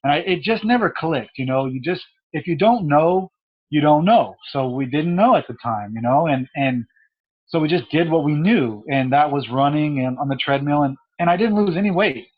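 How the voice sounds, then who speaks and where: A young man telling a painful personal story, halting and emotional, with many restarts and his voice catching. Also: on the high side, expressive, breathy edge. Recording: dull lo-fi audio.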